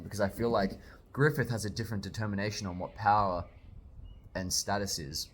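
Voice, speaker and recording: Brief: young male reviewer, lowish voice, casual jokey read-along talk, faint room hiss. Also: a little fast, a bit bright. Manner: chatty, jokey, reacting while reading aloud. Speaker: manga reviewer.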